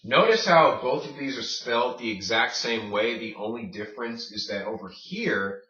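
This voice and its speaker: A man teaching a casual language lesson, patient, repeating words slowly and checking in with "okay?". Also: medium pitch, sharp tone. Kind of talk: casual classroom-style lesson. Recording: roomy, distant, dull lo-fi sound.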